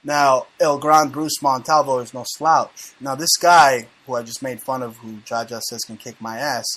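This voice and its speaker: A man's voice: mid-range voice, steady tone, normal speed, fairly bright tone. A man hosting a casual talk show, brash and profane, joking and mocking as he reads the news. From United States. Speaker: show host.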